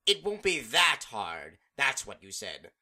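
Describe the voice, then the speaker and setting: A man's voice: mid-range voice, huge pitch swings, measured pace, bright, forceful tone, exaggerated voice. A man voicing an impatient, sulky male chaos spirit in a fan audiobook reading. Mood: snappish.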